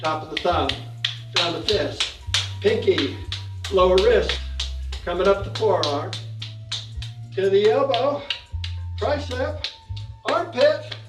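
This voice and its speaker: A man leading a guided exercise class, calm and encouraging as he counts out the moves. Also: sits high, takes it slowly, pauses often, over music. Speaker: fitness instructor. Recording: echoey room, mic far off.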